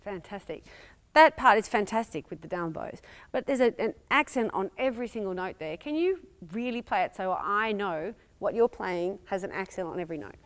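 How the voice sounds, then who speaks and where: A woman's voice: mid-range voice, expressive, normal speed. A woman with an Australian accent teaching a violin master class, asking probing questions and singing phrases aloud. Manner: encouraging, questioning, sings phrases.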